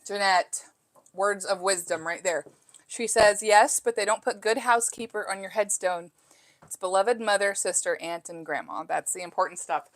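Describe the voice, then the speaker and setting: A woman's voice: medium pitch, normal speed. Chatty mother folding laundry. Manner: chatty and self-reflective, with frequent fillers. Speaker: live stream host. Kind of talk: casual live chat reading comments. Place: home.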